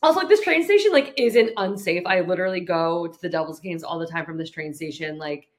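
A woman's voice: fairly low pitch, expressive, a little fast. A young woman co-hosting a podcast, telling a story in a rambling, giggly way with lots of fillers. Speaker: podcast co-host. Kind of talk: casual chat.

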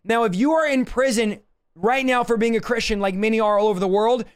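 A man with a strikingly high-pitched voice preaches on a livestream from his home office. He teaches scripture with urgency and emphasis. He drives his points hard and keeps breaking into quick asides. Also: smooth. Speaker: pastor.

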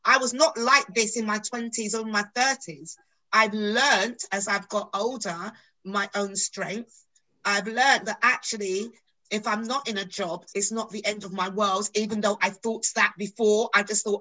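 Bright-voiced British woman telling stories. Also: medium pitch, unhurried, poor audio. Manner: animated storyteller acting out dialogue. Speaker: actress guest. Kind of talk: podcast conversation.

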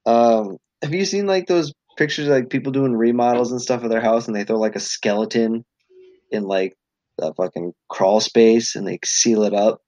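A man's voice: medium pitch, moderate pace, darkish tone, no room sound, poor audio. A man chatting casually on a podcast, joking and filling his talk with "like.". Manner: joking, says "like" a lot.

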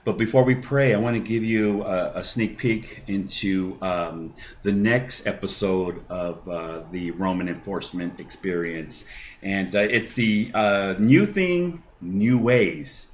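A middle-aged man with a lowish voice shares a personal testimony, unhurried and halting, often stopping on "um" and "uh" as he restarts his sentences. The recording sounds dull and lo-fi, with a faint hiss of room ambience behind him. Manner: halting, many fillers and restarts. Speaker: podcast host.

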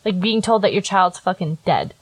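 A woman's voice: on the low side, moderate pace, dry recording, low-quality recording. Emphatic, swearing young woman co-host. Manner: reactive, emphatic, swears freely. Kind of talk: casual chat.

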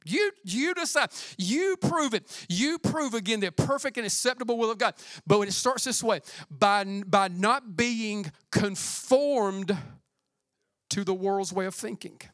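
A young man gives a relaxed, slang-filled sermon and presses his points with emphatic repeats. His voice is very high and bright, almost sharp. The recording is dry, with almost no room sound. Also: unhurried, no echo. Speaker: preacher. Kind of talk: casual sermon.

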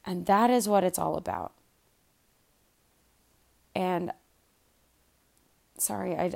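A woman hosts a casual Bible study podcast in a low, gravelly voice. She speaks earnestly and softly, sounds emotional, and often repeats words as she goes. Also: slow, pauses often. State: emotional, quiet and soft-spoken. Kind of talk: casual devotional podcast talk.

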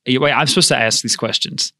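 A man's voice: mid-range voice, fast, bright, forceful tone, no echo, clean studio sound. A man co-hosting a casual podcast, chatting and laughing often and poking fun at himself. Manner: laughs often, self-deprecating. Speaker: podcast co-host. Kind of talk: casual chat.

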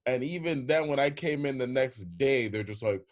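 A man's voice: medium pitch, normal speed. A young adult man talking in casual chat, emphatic and repeating his points.

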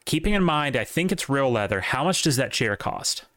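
A man's voice: medium pitch, very animated, moderate pace, a bit bright, no echo, clean studio sound. A man with a light Southern accent, chatting casually on a podcast in a rambling, profane way. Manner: rambling, profane, lots of restarts. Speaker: podcast co-host.

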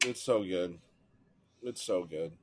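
A man's voice: low-pitched, takes it slowly, a bit bright, no echo. A Canadian man co-hosting a podcast, ranting and swearing freely about hockey rivalries in casual chat. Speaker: podcast co-host. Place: home, just out of bed.

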